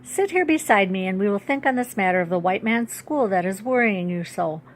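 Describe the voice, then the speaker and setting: A woman voicing a gentle, wise elderly great-grandfather in a storybook read-aloud, speaking softly and thoughtfully. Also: medium pitch, animated, a little hiss or hum, lightly acted. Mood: gentle, reassuring. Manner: slow, soft-spoken, thoughtful.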